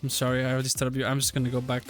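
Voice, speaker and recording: A man live-streaming a social game, excitable and chatty, laughing and swearing as he plays. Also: medium pitch, rapid-fire, soft background music. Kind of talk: casual live-stream chat while playing a social VR game.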